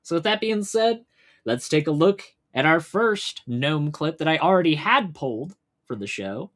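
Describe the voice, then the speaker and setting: Animated, profane male stream host. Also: fairly high pitch, normal speed. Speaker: livestream political commentary host. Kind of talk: casual political livestream commentary.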